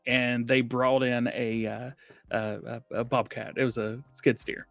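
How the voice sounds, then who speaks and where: A man's voice: mid-range voice, flat delivery, unhurried, creaky, fairly bright tone, no room sound. A man co-hosting a casual gaming podcast, chatty and rambling, laughing often. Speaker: podcast co-host.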